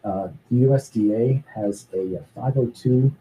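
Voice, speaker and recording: A man talking earnestly as an interview guest about his charity's work, pausing often with fillers and restarts. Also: mid-range voice, mellow, slight background noise, poor audio. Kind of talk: casual interview talk.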